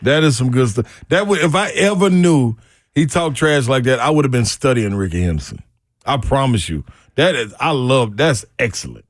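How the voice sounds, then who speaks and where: A man's voice: mid-range voice, big pitch swings, moderate pace, no room sound, clean studio sound. A man co-hosting a sports radio show, talking in laid-back, slangy banter. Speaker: radio co-host, former college basketball player. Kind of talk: casual sports radio chat.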